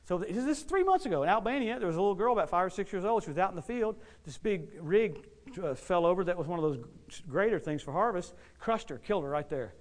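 Quick american preacher guy, middle-aged, slightly high voice, goes loud then drops to a hush telling his stories. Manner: animated, dramatic swings between loud and hushed. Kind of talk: sermon storytelling.

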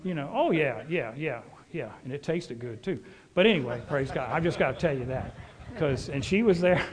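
A man's voice: fairly high pitch, lively intonation, normal speed, a crowd in the background. A middle-aged man, preaching a sermon as a folksy, rambling storyteller.

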